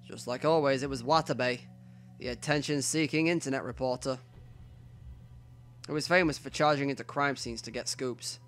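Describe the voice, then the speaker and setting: A man reading a visual novel aloud as the host of a let's play, with quiet asides to himself between stretches of narration. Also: mid-range voice, steady tone, normal speed, long pauses.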